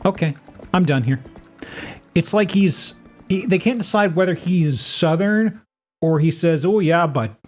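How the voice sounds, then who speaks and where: A man streaming a game live, chatting casually and playfully, with loud, sudden, high-pitched exclamations. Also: unhurried, long pauses, faint music behind. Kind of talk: casual live gameplay chat.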